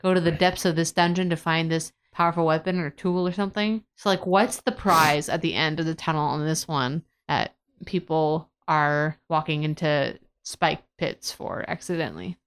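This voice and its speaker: A woman's voice: deep voice, moderate pace, hardly any pauses, clear, resonant tone. A woman co-hosting a podcast into a pop-filtered mic, teasing and exasperated in casual chat. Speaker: podcast co-host.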